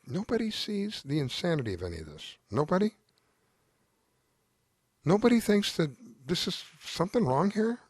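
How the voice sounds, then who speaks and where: A talk show host's high-pitched voice is very animated and has a breathy edge, moving at a moderate pace with long pauses. His commentary monologue is exasperated, emphatic, and heavily repetitive. The studio sound is clean, with no room sound.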